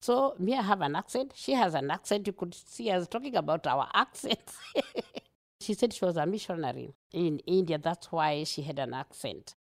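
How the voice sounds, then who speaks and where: Kenyan-accented woman, gravelly, lowish pitch, earnest, animated storyteller; interview guest. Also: normal speed. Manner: earnest, animated, laughs often.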